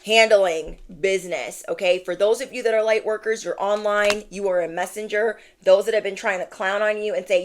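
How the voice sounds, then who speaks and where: A woman's voice: medium pitch, normal speed. Emphatic woman giving a spiritual reading. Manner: emphatic, repeats phrases, playful slang. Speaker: intuitive tarot reader.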